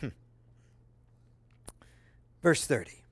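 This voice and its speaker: A man preaching a sermon, reading scripture aloud with lively, dramatic delivery and casual asides to his listeners. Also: drawn-out words, no room sound. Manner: conversational asides, checks in with listeners.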